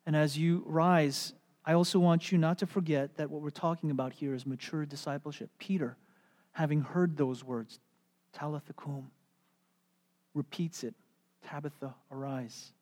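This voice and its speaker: A pastor preaching a sermon, animated and storytelling, then going soft and hushed. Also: medium pitch, moderate pace, long reverb tail. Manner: animated storytelling, drops to soft hushed tones for quoted words.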